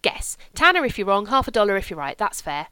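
A woman's voice: mid-range voice, big pitch swings, fast talker, pushed and bright, clear, resonant tone, dry recording. A woman reading a novel, voicing a furtive little red-headed Englishman with cheeky, chummy banter.

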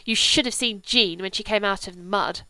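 A woman voicing a blunt, lively young girl who talks eagerly and exclaims a lot. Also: mid-range voice, moderate pace, no echo. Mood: excited.

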